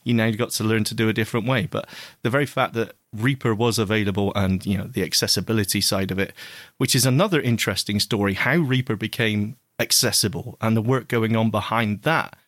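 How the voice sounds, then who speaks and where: A man's voice: on the low side, steady tone, a little fast, hardly any pauses, fairly bright tone, dry recording. A man co-hosting a casual radio chat show, trading dry, teasing banter. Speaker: co-host.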